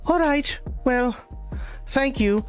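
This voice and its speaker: A prim young British woman pleads in a high, proper voice, earnest and polite, with a man doing the voice. She sounds genteel and determined. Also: slow pace, smooth, faint music behind. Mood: earnest, pleading.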